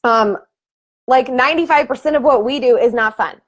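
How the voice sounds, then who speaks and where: Thirties woman coach, casual chatty delivery, frequent laughs, higher voice, webcam sound. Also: normal speed. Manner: chatty, laughs often, animated bursts. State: emotional. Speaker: fitness team coach. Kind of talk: live video team call.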